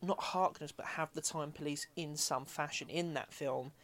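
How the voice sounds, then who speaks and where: A man in casual chat, eagerly pitching ideas and swearing now and then. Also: steady tone, normal speed, a bit bright.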